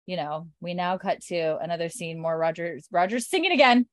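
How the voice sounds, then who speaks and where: A woman's voice: fairly low pitch, animated, brisk, no echo, clean studio sound. A woman casually recapping an episode, rambling and quoting characters in passing, with the odd swear. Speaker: podcast host recapping a TV episode. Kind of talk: casual chat.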